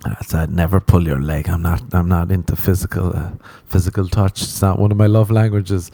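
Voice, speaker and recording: A man's voice: low voice, steady tone, fairly quick, vocal fry, warm tone, no room sound. A man hosting a casual solo podcast, rambling, swearing and mocking himself, often laughing. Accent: non-American. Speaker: podcast host.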